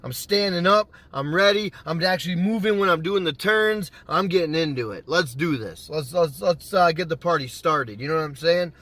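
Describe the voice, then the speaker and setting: Bright, high-voiced man telling a rage story. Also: moderate pace, hardly any pauses, dry recording. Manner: animated, swears freely, acts out his own past lines. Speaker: gaming YouTuber. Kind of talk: casual storytelling to camera.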